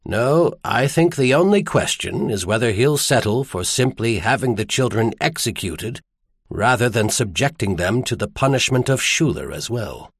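A grave middle-aged earl speaks gently and somberly, weighing each word, as a man voices him in an audiobook. His voice moves expressively in pitch. The sound is dry and close. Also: lively intonation, moderate pace, breathy edge, no echo. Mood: gentle. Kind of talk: audiobook character voice.

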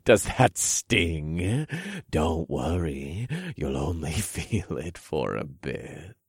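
A cruel, smug old king, put on by a man narrating, drawls his threats slowly and low. His voice is deep and husky. The sound is dry and close. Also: animated, no echo, heavily acted. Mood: mocking. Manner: slow, low mocking drawl with chuckles. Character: taunting elderly male king, smug and cruel.

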